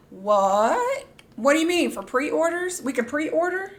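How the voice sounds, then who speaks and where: A young woman live-streaming, chatting casually and reacting excitedly, gasping and squealing, then muttering quietly to herself. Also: high-pitched, slow, slight background noise.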